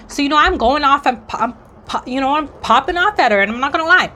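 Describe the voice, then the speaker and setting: A woman's voice: high-pitched, lively intonation, quick pace, sharp tone, slight background noise. A young woman from Hawaii telling a work story in a blunt, sassy, heated way, with swearing and slang. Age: young adult. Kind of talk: casual storytime monologue.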